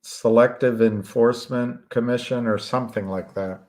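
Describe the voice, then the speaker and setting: A man chatting casually as a stream host, halting often and searching for words with many fillers. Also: medium pitch, fairly even intonation, a little mellow. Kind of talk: casual rambling chat.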